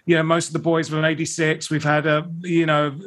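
A man's voice: a little high, monotone, brisk, fairly bright tone. A man hosting a podcast, chatting enthusiastically and rambling through lists of past guests. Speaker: podcast host. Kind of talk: casual podcast chat.

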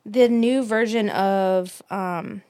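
A woman's voice: mid-range voice, steady tone, takes it slowly, darkish tone, no room sound. A woman co-hosting a casual podcast chat with friends, talking in chatty bursts that often restart mid-sentence. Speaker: podcast co-host.

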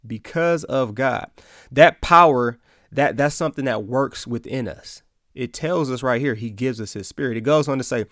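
A man's voice: medium pitch, normal speed, fairly bright tone, no room sound, faint music behind. A man hosting a Christian podcast, giving an earnest, casual devotional talk and reading Bible verses aloud.

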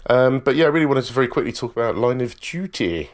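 A man's voice: medium pitch, animated, fast. A man chatting casually on a podcast, enthusiastic and full of fillers. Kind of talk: casual chat.

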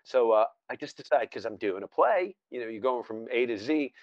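A man's voice: medium pitch, animated, fairly quick, no room sound, muffled recording. A man hosting a podcast in a loose, conversational way. His voice sits in a middle register and sounds close and dry, with no room around it. He tells long stories full of restarts and fillers. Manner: rambling, self-interrupting storyteller with many fillers. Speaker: podcast host. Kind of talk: casual chat. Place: Scotland.

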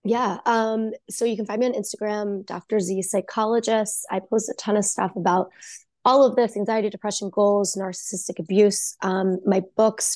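A woman's voice: medium pitch, a little mellow, dry recording, studio quality. A woman psychologist guesting on a podcast, explaining earnestly and emphatically in casual talk, her voice still touched by a recent cold. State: post-cold voice.

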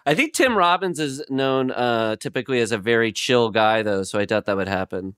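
A man who is a guest on a podcast, chatting casually and spinning deadpan, absurd stories. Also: medium pitch, brisk, smooth, no room sound, studio quality. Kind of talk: casual comedic chat.

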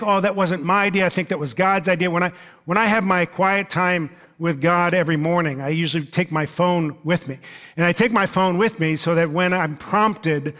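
A man preaching a sermon to his congregation in a relaxed, conversational way, with frequent "uh" fillers and asides to the listeners. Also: sits high. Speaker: pastor. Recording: long reverb of a large hall.

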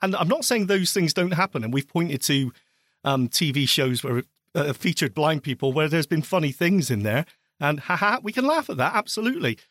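A man's voice: a little high, expressive, moderate pace, fairly bright tone, dry recording, studio quality. A man co-hosting a podcast, arguing his point in a wry, self-deprecating way. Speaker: podcast co-host. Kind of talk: casual chat.

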